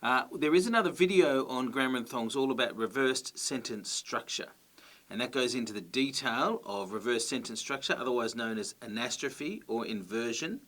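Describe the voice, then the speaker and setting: A man's voice: medium pitch, normal speed, a bit bright. Patient man explaining a grammar lesson. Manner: clear, patient explaining with check-ins. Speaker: teacher.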